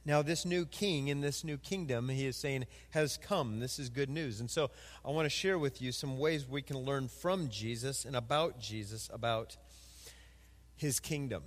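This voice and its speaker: A man preaching a sermon as pastor, animated and acting out quoted voices. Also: medium pitch, normal speed, big-room sound.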